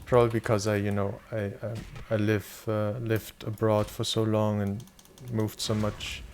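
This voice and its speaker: A man's voice: on the low side, completely flat delivery, measured pace, darkish tone, a little hiss or hum. A young German man chatting loosely with his viewers while playing a game, swearing casually and answering chat questions. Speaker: streamer. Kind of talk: casual live-stream chat.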